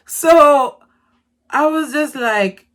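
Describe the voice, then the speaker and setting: A woman vlogger telling a story in a casual, slangy way, jumping between hushed asides and loud exclamations. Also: medium pitch, a little slow, very noisy.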